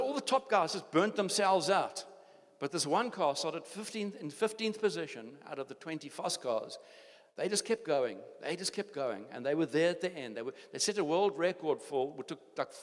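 An older man with a South African accent preaches to his congregation, pressing his point through repeated phrases and frequent restarts. His voice sits somewhat high for a man. Long reverb from the church hall trails each phrase. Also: lively intonation, normal speed. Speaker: pastor. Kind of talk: sermon.

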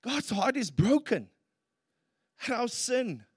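South african preacher guy, high voice, gets emphatic, big echoey church sound. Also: big pitch swings, takes it slowly, husky. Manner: earnest, rises to emphatic peaks. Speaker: pastor. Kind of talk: sermon. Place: church hall. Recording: reverberant church hall.

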